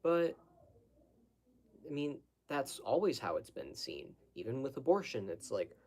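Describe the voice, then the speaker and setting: A man's voice: mid-range voice, big pitch swings, a little slow, a little mellow, breathy edge. A man speaking unscripted to his viewers in a blunt, lecturing way, urging them to think for themselves. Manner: blunt, lecturing, exhorting the listener. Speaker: host answering audience questions. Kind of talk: unscripted monologue.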